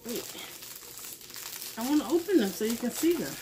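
A woman chatting casually to her viewers while opening craft mail, gushing and excited, and a mother. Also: on the high side, moderate pace, background noise. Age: adult with a son. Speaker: crafting vlogger. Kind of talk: casual unboxing chat.

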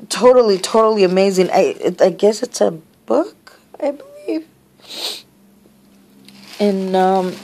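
A woman's voice: mid-range voice, warm tone. A woman opening happy mail in a casual vlog, emotional and tearful, gushing and rambling with many restarts.

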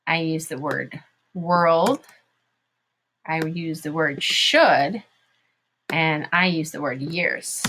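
A woman's voice: low-pitched, drawn-out words, long pauses, pushed and bright, slight background noise. A woman teaching a phonics lesson to young children, spelling words out letter by letter and sounding them out in an encouraging way.

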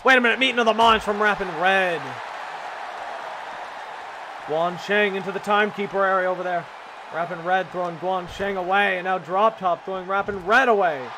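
A young man giving excited, profane play-by-play commentary on a wrestling video game, shouting at the big moves. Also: sits high, normal speed. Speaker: gaming commentator. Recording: loud game crowd noise behind. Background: video game crowd and noise.

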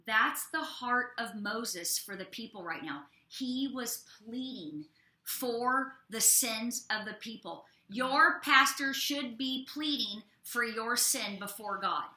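A woman preaches and teaches from scripture with lively, expressive delivery and casual asides to her audience. Her voice sits a little high and rings bright. The room around her is echoey. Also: slow pace. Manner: expressive, talks straight to listeners with folksy asides. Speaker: prophet and co-host of a ministry show. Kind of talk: animated preaching and Bible teaching.

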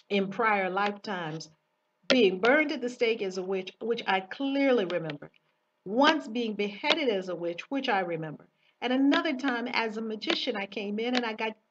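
Husky-voiced woman telling a spiritual story. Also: mid-range voice, a bit bright. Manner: repetitive, emphatic storytelling. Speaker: spiritual teacher. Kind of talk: personal spiritual monologue to camera. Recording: dull distant recording.

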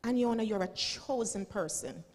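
A woman's voice: medium pitch, normal speed, darkish tone, big-room sound. A Jamaican woman in her forties, a school principal giving a dramatic, preachy motivational speech and slipping into Patois. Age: 40s. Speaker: school principal and keynote speaker.

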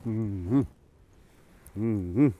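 A man's voice: on the low side, extremely slow, mellow, a little hiss or hum. A middle-aged man talking fondly and laughingly to animals outdoors, coaxing and teasing them on a handheld camera. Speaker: wildlife sanctuary keeper. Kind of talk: casual talk to animals on camera. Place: outdoors in the bush.

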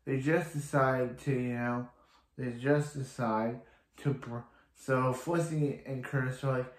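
A man's voice: medium pitch, steady tone, unhurried, roomy sound. Rambling man recapping a TV episode. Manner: rambling, many fillers and restarts. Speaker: TV episode reviewer. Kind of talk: casual recap and commentary.

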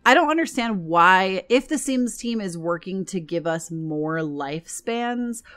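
A woman's voice: medium pitch, lively intonation, a little slow, fairly bright tone. A young American woman talking casually as she shows items in a game, gushing over things she likes, with a scratchy throat that keeps catching. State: throat trouble and hiccups. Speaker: gaming YouTuber.

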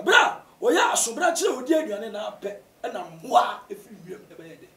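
A man with a Ghanaian accent, a pastor answering interview questions in a preaching style, often rising to shouts for emphasis. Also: extremely high pitch, normal speed, hardly any pauses. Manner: animated, bursts into shouts to stress points. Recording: roomy echo, distant from mic.

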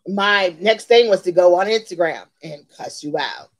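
On a rough recording, a woman in her forties speaks at a moderate pace in a lowish voice. She hosts a beauty channel and is venting in a storytime vlog, heated and emphatic, saying lines again for effect.

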